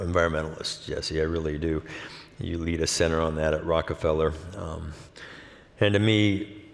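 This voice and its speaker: A man moderating an onstage forum conversation, introducing his guest with admiring, rambling questions. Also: sits low. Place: conference hall stage. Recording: reverberant hall.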